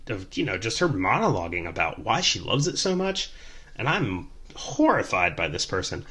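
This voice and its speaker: A young man hosting a storytelling podcast, telling a tale in a chatty, animated way with many fillers. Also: on the low side, normal speed. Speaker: podcast host, rideshare driver.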